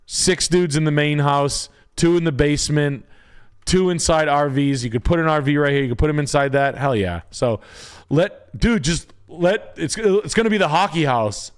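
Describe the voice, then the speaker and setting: A man's voice: on the high side, a little slow, clean tone. Young male realtor host: crude, rambling, joking live-stream banter. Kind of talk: casual live stream chat.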